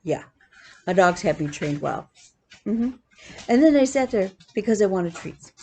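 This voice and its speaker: A woman vlogging about her cross-stitch hobby, telling animated, chatty stories with laughs. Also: mid-range voice, a little slow, slight background noise. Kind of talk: casual chat.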